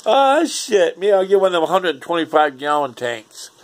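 A man's voice: a little high, brisk. A man, ranting casually and profanely in a rambling home vlog. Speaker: vlogger.

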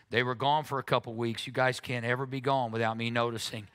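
A man's voice: mid-range voice, little pitch movement, fast talker, few pauses, a bit bright, smooth. A man preaching a sermon as pastor, earnest, often repeating words when he is moved. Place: church sanctuary.

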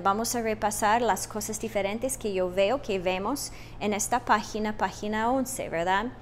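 A woman's voice: medium pitch, slight background noise. A woman teaching a first-grade phonics lesson, switching between English and Spanish and stretching out vowel sounds. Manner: repeats each step in English then Spanish, stretches words slowly; emphatic "no" and drawn-out vowel sounds.

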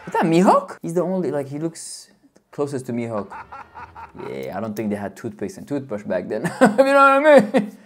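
Excitable man hosting a fan reaction. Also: a little high, normal speed. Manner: excitable, bursts into loud cheers. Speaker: reaction channel host. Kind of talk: casual fan reaction commentary.

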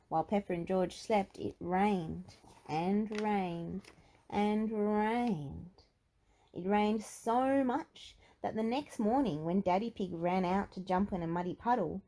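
A woman reading a children's picture book aloud in an expressive, sing-song storytelling manner. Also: medium pitch, slow pace. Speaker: storybook reader.

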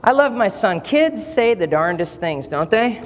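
A man preaching to a college chapel audience, telling stories in an animated, joking way. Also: sits high, measured pace. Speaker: pastor speaking in a college chapel. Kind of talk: sermon. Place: chapel hall. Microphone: PA microphone. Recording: long reverb hall with faint noise.

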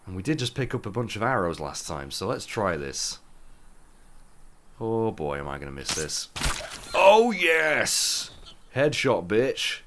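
A young man commentates his game playthrough, groggy and rough-voiced from the morning. His voice sits low, but the pitch bounces animatedly as he wanders into chatty asides and corrects himself. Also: animated, normal speed, a bit bright, a little hiss or hum. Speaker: gaming YouTuber. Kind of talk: let's play commentary.

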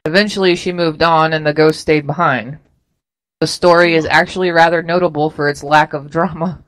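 A woman's voice: low voice, steady tone, moderate pace, dry recording, rough recording. A woman co-hosting a radio talk show, reading items from a list aloud in a chatty, casual way. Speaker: radio co-host.

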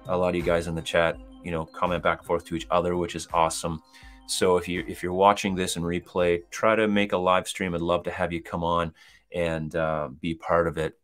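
A middle-aged man hosting a casual live-stream Q&A as a kitchen designer, rambling in a relaxed way with lots of fillers and restarts. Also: low voice, a little fast, soft background music.

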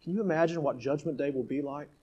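A male pastor preaching a sermon emphatically, swinging from loud exhortation to hushed asides. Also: fairly high pitch, quick pace, husky, muffled recording.

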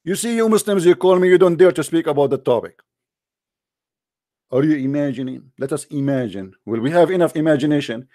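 A man's voice: a little high, animated, brisk, dark tone, dry recording, studio quality. A man hosting a heated online debate, mocking and combative, often talking over his opponent. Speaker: debate host.

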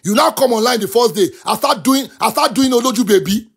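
A man with a Nigerian accent hosts a talk show and gives animated commentary. He is impassioned, mixes English and Yoruba, and keeps breaking into shouts. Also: very high-pitched, a little fast, breathy edge. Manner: impassioned, switches between English and Yoruba, often bursts into shouts.

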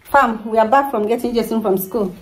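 A woman's voice: fairly high pitch, roomy sound, recorded from a distance. A young Nigerian woman, a mother, talking casually to her viewers at home and cooing over her baby in a sing-song voice. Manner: doting, sing-song baby talk mixed with quick asides to viewers. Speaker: vlogger and mother. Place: home kitchen and living room. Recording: noisy home recording.

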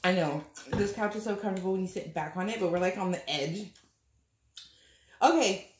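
A woman's voice: medium pitch, normal speed, a little hiss or hum. A woman hosting a mukbang, chatting casually and giggling while she eats, sitting on a couch indoors. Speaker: mukbang host. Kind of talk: casual chat while eating. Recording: echoey room.

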